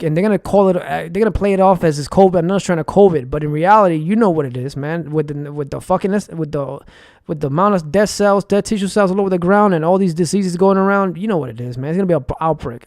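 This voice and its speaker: A man's voice: sits high, a little mellow, no room sound, studio quality. A young man from New York ranting in a rambling, profane, heated monologue to his viewers. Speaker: vlogger. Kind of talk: casual conspiracy rant.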